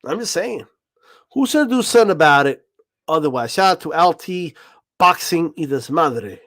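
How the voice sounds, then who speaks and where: A man's voice: fairly high pitch, lively intonation, moderate pace, a bit bright, dry recording. A man hosting a boxing livestream, rambling and swearing in a casual rant, always asking if you know what he means.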